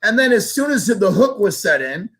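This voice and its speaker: A guest sales trainer tells a story during a casual interview, animated and swearing offhandedly as he acts out the dialogue. His voice sits high and his pace is normal.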